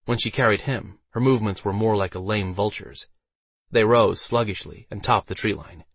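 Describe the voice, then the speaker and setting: A man narrating a fantasy audiobook with steady storytelling delivery. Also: on the low side, moderate pace, husky, no echo.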